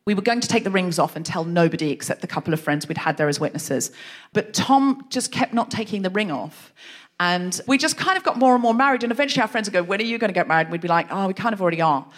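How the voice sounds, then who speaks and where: A woman hosting a live comedy podcast on stage, telling stories in an animated way and laughing often. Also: medium pitch, fast talker, hardly any pauses. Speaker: host. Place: live stage before an audience. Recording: live stage recording with audience noise.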